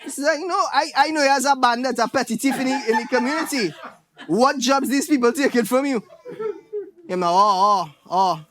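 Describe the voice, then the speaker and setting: A man's voice: very high-pitched, normal speed. A man with a Trinidadian accent performing a stand-up comedy set, telling stories and mimicking his relatives. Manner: animated storytelling with impressions of relatives.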